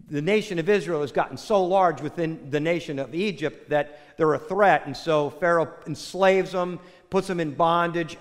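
A man preaching a sermon, telling a joke in a folksy, animated way before turning to a Bible reading. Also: high-pitched. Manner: folksy storyteller, animated with acted quotes. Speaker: pastor. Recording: long hall reverb.

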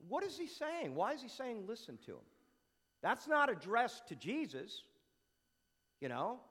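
Animated high-voiced preacher, hall echo. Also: male voice, measured pace. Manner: animated, asks rhetorical questions, repeats phrases for emphasis. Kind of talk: conversational sermon.

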